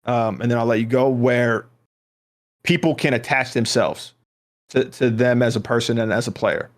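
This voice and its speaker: A man's voice: mid-range voice, normal speed. A man hosting a casual podcast, talking in a loose, rambling way and passing questions to his co-hosts. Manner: rambling, hesitant, full of restarts. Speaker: podcast host.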